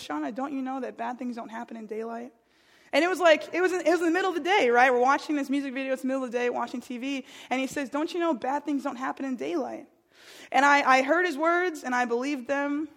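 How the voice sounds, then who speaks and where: Young woman, preacher, higher voice, earnest, repeats phrases, asks "right?". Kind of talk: conversational sermon with storytelling.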